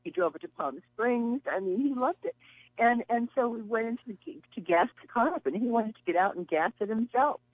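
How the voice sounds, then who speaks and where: A woman's voice: on the high side, expressive, brisk, no room sound. Woman telling stories over a phone line. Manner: chatty, acts out quoted voices. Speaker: guest recalling stories. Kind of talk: casual storytelling.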